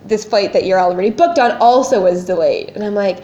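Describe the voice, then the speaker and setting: Animated woman telling a story, echoey. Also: medium pitch, fast, hardly any pauses. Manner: animated storyteller, acts out her panic. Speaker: podcast co-host. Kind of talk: casual chat. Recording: echoey room, dull lo-fi sound.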